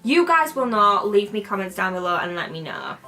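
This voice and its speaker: Chatty bright-voiced British woman vlogger. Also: mid-range voice, very animated, fairly quick, soft background music. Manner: chatty, playfully shifts her accent. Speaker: beauty vlogger. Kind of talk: casual unboxing chat.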